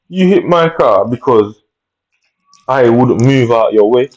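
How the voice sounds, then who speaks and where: A man's voice: medium pitch, expressive, slow pace, pauses often, a little mellow, lo-fi sound. A man with telling an angry personal story, rambling and profane, full of tag questions. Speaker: vlogger.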